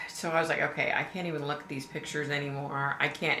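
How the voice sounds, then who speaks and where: Low-voiced woman chatting on a live stream. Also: level tone, a little fast, pushed and bright, roomy sound, slight background noise. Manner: chatty and emphatic, addresses viewers directly. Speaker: livestream host. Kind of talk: casual live-stream chat to viewers.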